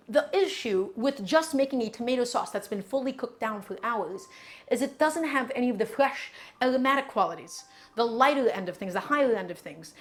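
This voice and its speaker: Woman, cooking stream host, playful casual chatter, somewhat high pitch. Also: a bit bright, a little hiss or hum. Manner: chatty and playful, often says "my friends".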